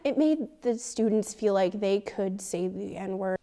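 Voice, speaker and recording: A teenage girl telling a personal story in an interview, animated and indignant, acting out the dialogue. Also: medium pitch, unhurried. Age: teens. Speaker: student interviewee.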